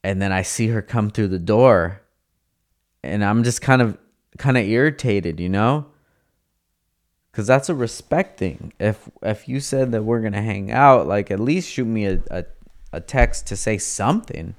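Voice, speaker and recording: A man's voice: fairly low pitch, expressive, measured pace. A young man telling a casual, profane story in slang, acting out the lines of the people in it. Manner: profane, laid-back, slangy, acts out quoted dialogue.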